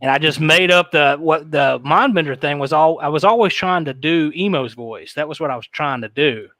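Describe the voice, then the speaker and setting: A man's voice: a little high, normal speed, a bit bright, no room sound. A man telling a story in casual chat, rambling and profane, laughing often and slipping into mimicked voices.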